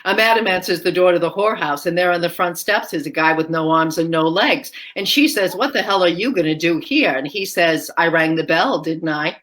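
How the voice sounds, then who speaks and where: A woman's voice: fairly low pitch, brisk, few pauses, a bit bright. A woman guest telling dirty jokes, building each one unhurriedly to its punchline.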